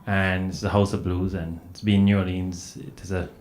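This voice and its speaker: A man from Jamaica with a Jamaican accent, telling anecdotes as a panelist, animated and full of "you know" fillers. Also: sits low, normal speed. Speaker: panelist author. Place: event hall at a book festival panel. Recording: roomy hall sound with faint noise.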